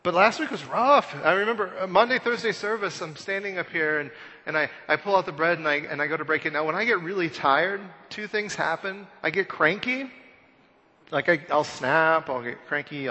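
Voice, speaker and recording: A man in his thirties preaching a conversational Easter sermon, telling self-deprecating stories and swinging between loud and hushed. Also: fairly high pitch, normal speed. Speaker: pastor. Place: church sanctuary. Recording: long church hall reverb.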